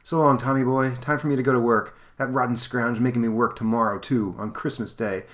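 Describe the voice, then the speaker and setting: A man's voice: mid-range voice, steady tone, fairly quick, a bit bright, close to an everyday voice. A man voicing a timid, overworked clerk and father in a comic he reads aloud. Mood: warm. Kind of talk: comic read aloud on a podcast.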